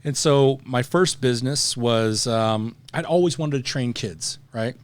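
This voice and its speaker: A man's voice: medium pitch, measured pace, smooth, no room sound. Slangy middle-aged man telling war stories. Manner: animated, acts out voices in anecdotes; slangy, says "bro" often. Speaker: podcast guest. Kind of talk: casual storytelling.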